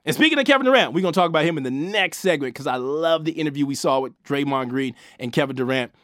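A man's voice: fairly high pitch, animated, fast, fairly bright tone, dry recording, studio quality. A man hosting a sports talk show, giving emphatic, casual opinions with lots of slang and restarts.

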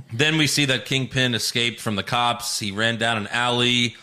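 A man hosting a podcast, casually recapping an episode, animated, laughing often and acting out quotes. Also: mid-range voice, moderate pace. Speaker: podcast host. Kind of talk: casual chat recapping a show.

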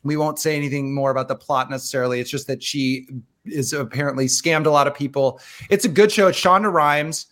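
Young male podcast co-host, slightly high voice, chatty and joking. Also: a little fast, fairly bright tone. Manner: chatty, joking, lots of restarts and laughs. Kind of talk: casual chat.

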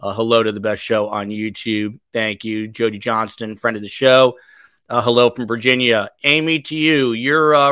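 A man with a mid-range, pushed-bright voice and clean tone hosts a podcast livestream, recorded dry. He chats casually, reads viewer comments aloud and uses plenty of fillers.

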